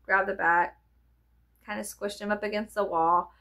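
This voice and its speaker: A woman, telling rambling stories in a chatty, profane, animated way. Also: medium pitch, normal speed, vocal fry. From American South. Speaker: vlogger. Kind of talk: rambling casual storytelling.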